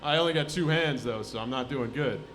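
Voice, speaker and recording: A man in his twenties doing a live stand-up set in a comedy club, deadpan, muttering asides and then bursting into shouted voices. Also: mid-range voice, brisk, background noise. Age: 20s.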